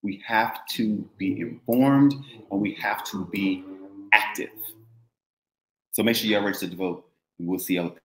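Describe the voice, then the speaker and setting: A low-pitched man delivers an emphatic, repetitive call to action, his voice bouncing around an echoey room. He speaks in an impassioned, conversational podcast style. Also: a little slow, long pauses, fairly bright tone. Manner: emphatic, repetitive rallying calls. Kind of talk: impassioned political commentary.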